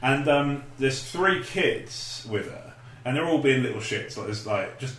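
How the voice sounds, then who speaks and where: A man's voice: mid-range voice, animated, measured pace, fairly bright tone, recorded from a distance. A man tells a chatty story on a comedy podcast, filling gaps with ums and rights. His voice rises and falls a lot. He sits back from the mic in an echoey room. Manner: storytelling, chatty, lots of fillers. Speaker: podcast co-host. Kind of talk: casual comedy chat. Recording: roomy echo, off-mic.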